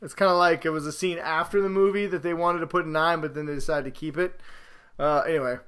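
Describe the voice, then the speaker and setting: An excitable man hosts a casual podcast, rambling through stories and getting louder as they build. His voice sits high and sounds bright and forceful. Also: quick pace, smooth. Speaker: podcast host.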